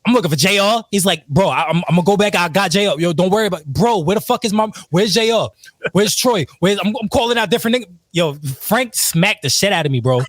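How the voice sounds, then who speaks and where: Fast, animated, and high-voiced with a bit of brightness, a podcast guest laughs his way through rowdy, profane casual stories, acting out his friends' dialogue. The studio sound is clean, with no echo.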